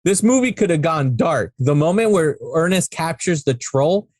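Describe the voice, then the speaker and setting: High-voiced man rambling about a movie. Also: lively intonation, normal speed, a little mellow, no room sound. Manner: rambling, profane, acts out scenes. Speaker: podcast co-host. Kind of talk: casual movie discussion.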